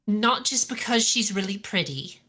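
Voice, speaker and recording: A woman on a podcast, chatting in an animated, giggly way and acting out characters' lines. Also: medium pitch, moderate pace, breathy edge. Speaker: podcast co-host. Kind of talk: casual chat.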